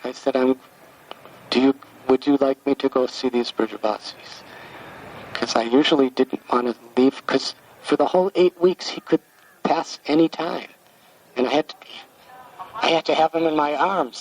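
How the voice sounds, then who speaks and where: An older American man in his sixties gives a devotional talk in a gentle storytelling manner, pausing and repeating words as he remembers. His voice sits at an everyday pitch. It is picked up from a distance, with a faint hiss in the background. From United States. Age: 60s. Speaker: spiritual teacher.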